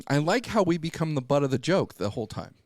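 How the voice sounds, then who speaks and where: A man co-hosting a casual podcast who jumps in with quick reactions and jokes. His voice sits high and moves lively, recorded close and dry. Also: no echo. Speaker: podcast co-host. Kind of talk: casual chat.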